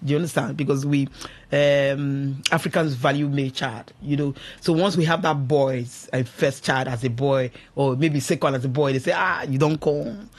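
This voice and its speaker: A woman's voice: rumbling low, steady tone, normal speed, few pauses. A middle-aged Nigerian woman giving emphatic, sermon-like marriage advice on a radio show, often asking listeners if they understand. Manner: emphatic, exhorting, keeps asking "do you understand?". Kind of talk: preachy radio advice talk. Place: radio studio.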